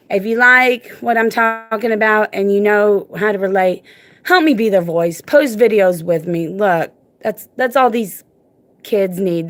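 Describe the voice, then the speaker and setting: A woman's voice: mid-range voice, fairly bright tone. A woman delivers a heartfelt, informal rant recorded on her own phone. She talks emphatically and casually, circling back to her points and leaning on "look" to press them home. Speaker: parent vlogger and advocate. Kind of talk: impassioned casual vlog rant.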